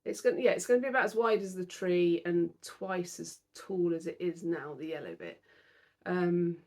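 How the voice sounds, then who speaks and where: Tired, chatty British woman with a husky voice. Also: fairly low pitch, moderate pace, a little mellow. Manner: chatty and self-deprecating. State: tired, yawning. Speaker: cross-stitch vlogger. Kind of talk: casual chat to camera.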